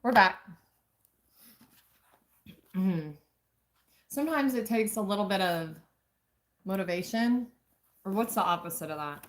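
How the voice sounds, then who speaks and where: A woman live-streaming a dramatic reading of a romance novel, pausing for asides about her stumbles. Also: mid-range voice, lively intonation.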